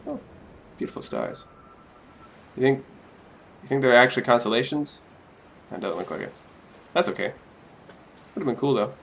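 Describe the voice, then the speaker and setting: A man's voice: mid-range voice, expressive, moderate pace, pauses often, a bit bright, a little hiss or hum. A young man joking his way through a game as let's play commentary, talking to himself with mock drama. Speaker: gaming YouTuber.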